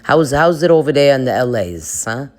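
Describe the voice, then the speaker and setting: A man's voice: medium pitch, big pitch swings, normal speed, darkish tone, pitched above the performer's own voice, natural voice. A man voicing a brash middle-aged New Jersey father who rambles and repeats himself in a thick New Jersey accent. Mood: gruff. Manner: gruff, rambling, repeats itself.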